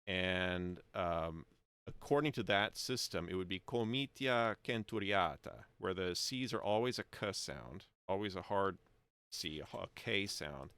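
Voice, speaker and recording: A man's voice: low-pitched, lively intonation, unhurried, fairly bright tone, clean tone, no room sound. An American man hosting a livestream, talking casually and at length, often correcting himself and chuckling. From United States. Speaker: livestream host reading and discussing historical texts.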